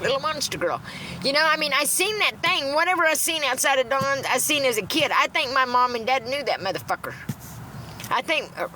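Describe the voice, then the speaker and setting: A middle-aged woman rants into her phone with a high, bright, sharp voice. She talks bluntly and rambles, swearing freely. Faint background noise sits under the recording. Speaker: TikTok livestreamer. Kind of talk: ranting casual monologue.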